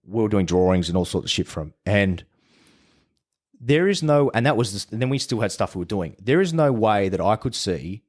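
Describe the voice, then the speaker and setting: A blunt, freely swearing man with a fairly low voice tells casual stories as a podcast guest, speaking briskly and expressively. He repeatedly cuts his sentences short and starts again as he goes over the particulars.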